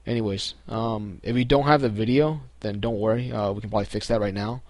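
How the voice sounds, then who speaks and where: Young guy, lowish voice, relaxed tutorial host with filler words, dry recording. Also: brisk, dry recording. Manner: relaxed, many ums and restarts. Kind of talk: casual screen-recorded tutorial.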